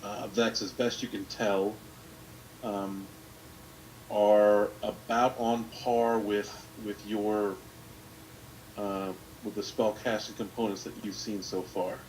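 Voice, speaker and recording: A man running a tabletop game as game master, talking in a halting, hesitant way. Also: on the low side, flat delivery, darkish tone, a little hiss or hum, rough recording.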